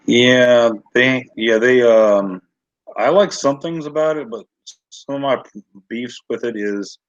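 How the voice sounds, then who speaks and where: A man's voice: medium pitch, slow pace, no echo, muffled recording. A man chatting casually on a livestream, rambling and searching for words. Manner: rambling, lots of fillers and restarts.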